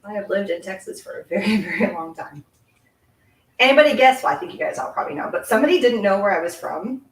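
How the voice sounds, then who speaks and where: Giggly, chatty Canadian-born craft host. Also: female voice, mid-range voice, expressive, fast. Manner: chatty, giggly, talks while working. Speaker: card-making host. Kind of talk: casual live craft demonstration. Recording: echoey room, mic set at a distance.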